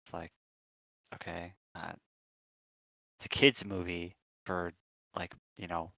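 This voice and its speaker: A man's voice: low-pitched, little pitch movement, normal speed, sharp tone, no echo, low-quality recording. A man co-hosting a podcast, chatting casually and rambling with lots of ums and restarts. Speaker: podcast co-host. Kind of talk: casual chat.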